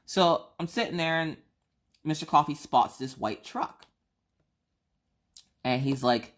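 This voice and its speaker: A woman's voice: slow, long pauses. A woman vlogger telling a story in a chatty, slangy way, acting out the voices she quotes. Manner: animated, acts out quoted voices with big pitch jumps; casual slangy talk, addresses viewers as y'all.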